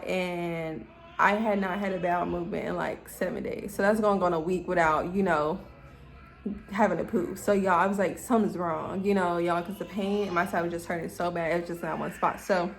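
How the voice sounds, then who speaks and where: A young woman talks in a chatty storytime vlog, calling her viewers y'all again and again. Her voice has a gravelly fry at the ends of phrases, and there is a faint hiss of noise behind her. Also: mid-range voice. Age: young adult. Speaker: vlogger.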